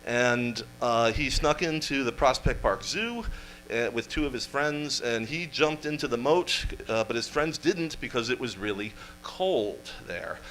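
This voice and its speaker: New guy doing a funny history talk for a crowd, dry deadpan jokes, mid pitch, faint hum underneath. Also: poor audio. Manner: wry, deadpan asides with quick jokes. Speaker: storyteller presenter. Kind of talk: comic history talk to a live audience. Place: event room with live audience.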